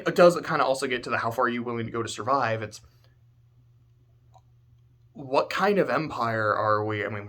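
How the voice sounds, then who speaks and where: A man talking casually about a story, animated and swearing, swinging between loud outbursts and low muttering. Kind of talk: casual spoken commentary.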